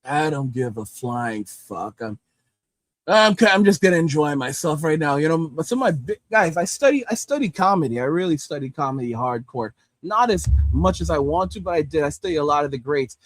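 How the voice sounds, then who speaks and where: A man with a New York accent rants loudly through crude, mocking streamer commentary. His voice sits high for a man. It is recorded close and dry, with no room sound. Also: expressive, brisk, no room sound. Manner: loud, profane and mocking. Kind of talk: profane ranting commentary.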